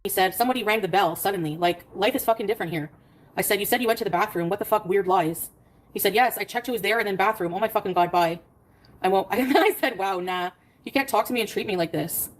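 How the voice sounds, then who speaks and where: A woman talking quickly on a casual livestream. She tells a long story and reads out a string of text messages along the way. Her voice sits at an ordinary middle pitch and keeps up a brisk pace. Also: poor audio.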